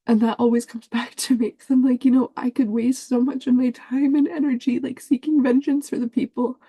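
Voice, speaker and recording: A woman's voice: high-pitched, flat delivery, a little fast, warm tone, breathy edge, no room sound, clean studio sound. A young woman talking in a candid confessional vlog, rambling with lots of fillers and the odd swear word. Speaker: vlogger.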